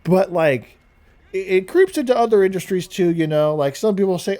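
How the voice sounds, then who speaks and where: A man's voice: high voice, animated, normal speed, warm tone, clear, resonant tone. A young man vlogging his opinions in a casual, rambling monologue, laughing at his own jokes. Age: young adult.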